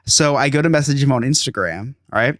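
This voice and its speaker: A man's voice: mid-range voice, animated, fairly quick, no echo, studio quality. A man in his thirties hosting a podcast, telling an exasperated story in casual chat and acting out quotes. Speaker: podcast host.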